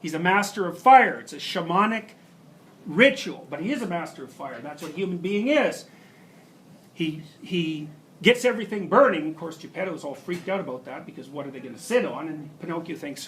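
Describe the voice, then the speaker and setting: A man's voice: fairly high pitch, expressive, a little fast, a bit bright, rough recording. A man giving a university lecture, telling stories emphatically with rhetorical questions and asides. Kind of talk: classroom lecture.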